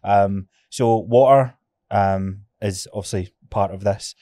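Low-voiced man hosting a chat. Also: takes it slowly, dry recording. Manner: relaxed, agreeable, many fillers. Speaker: podcast host. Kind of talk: casual interview chat.

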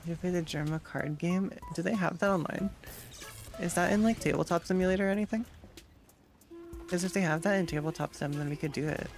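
A casual gaming streamer who chats with viewers while playing. The voice sits at a middling pitch with a steady gravelly fry, and the delivery stays sarcastic and easily exasperated. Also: fairly quick, faint music behind. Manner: chatty, sarcastic, reacting to gameplay and chat.

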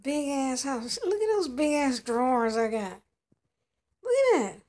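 A woman's voice: high voice, very animated, measured pace, darkish tone. A woman voicing a showy young female doll heading out clubbing, talking in a playful, show-off way. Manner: playful, showing off, chatty. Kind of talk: doll play narration.

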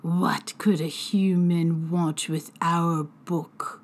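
A woman's voice: lowish voice, little pitch movement, very slow, voice pushed down. A woman voicing an old, drunken female fairy healer who talks in whispery, broken speech. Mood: threatening.

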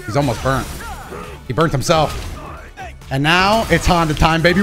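A man streaming a fighting game, commenting live and swinging between low mumbles and excited shouts. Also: normal speed, long pauses. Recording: game music underneath.

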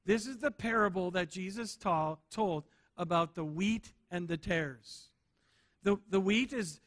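A pastor from the US, male with a bright high voice, preaches with emphasis during a sermon. Key words get repeated for weight, and he throws "right?" out to the congregation rhetorically.

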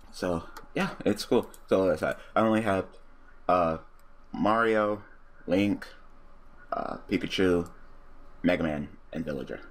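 A man giving casual let's-play commentary, cursing freely and breaking into loud, excited outbursts and laughter. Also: deep voice, slow pace, pauses often, slight background noise. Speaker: gaming commentator.

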